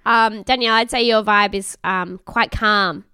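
A woman's voice: mid-range voice, fairly even intonation, normal speed, sharp tone, smooth, no room sound, studio quality. A woman co-hosting a casual podcast chat, swearing freely and acting out quotes as she recaps a show. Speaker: podcast co-host.

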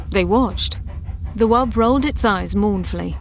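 A woman narrating a science fiction story aloud at a measured pace. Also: mid-range voice, creaky, soft background music.

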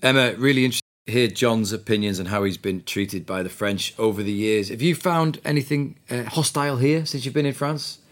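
A man's voice: medium pitch, brisk. A man hosting a podcast discussion and guiding it with conversational questions to his co-hosts. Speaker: podcast host.

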